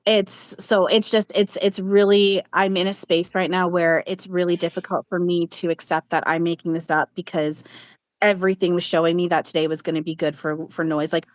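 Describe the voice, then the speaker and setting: A fairly low-pitched woman hosts a live stream, speaking bluntly and cursing without hesitation. She rambles through plenty of fillers and restarts. The sound is dry and close. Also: level tone, normal speed, no room sound. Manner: blunt, swears freely, rambling with many fillers. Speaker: channeler and livestream host. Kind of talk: casual livestream chat.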